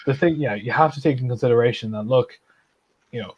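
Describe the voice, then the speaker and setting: A man's voice: medium pitch, slightly rough, no echo. Blunt opinionated man on a dull dry call. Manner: blunt, opinionated, halting with many restarts. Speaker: football podcast panelist. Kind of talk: casual football chat.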